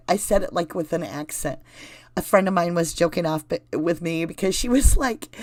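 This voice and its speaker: A woman's voice: on the low side, moderate pace, a little mellow, no room sound. A woman with a Southern US accent, chatting casually on a livestream and talking straight to her viewers. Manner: rambling, conversational, addresses viewers directly. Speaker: channel host reading live chat.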